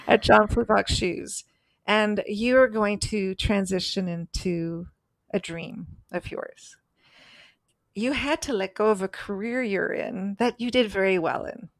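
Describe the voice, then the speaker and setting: A woman's voice: mid-range voice, unhurried, no echo. A woman co-hosting a podcast, telling a personal story in an earnest, emphatic way. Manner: earnest, emphatic, acts out voices in stories. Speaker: podcast co-host.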